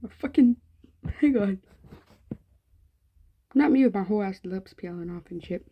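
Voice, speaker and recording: A woman's voice: medium pitch, lively intonation, normal speed, dull audio, a little hiss or hum. A woman hosting a gaming channel, reading a visual novel aloud in a casual, chatty way, with slangy, swearing asides.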